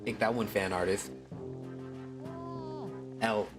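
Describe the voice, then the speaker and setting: A male streamer talking to his audience in a relaxed, rambling way, cursing without a second thought. His voice sits on the low side. Faint music plays quietly behind him. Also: slow, low-quality recording. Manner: laid-back and profane, chatting to viewers. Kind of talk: casual gaming stream chat.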